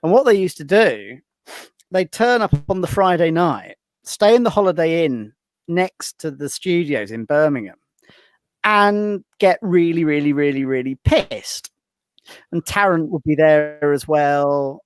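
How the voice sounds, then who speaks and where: A podcast guest and author with a fairly high voice tells anecdotes in casual chat, a little slowly, with no room sound. He's a lively storyteller who keeps restarting his sentences.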